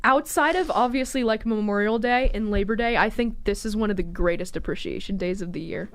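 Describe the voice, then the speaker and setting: A woman's voice: medium pitch, brisk. A young woman co-hosting a college radio show in casual banter, chatty, laughing easily and using lots of fillers. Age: young adult.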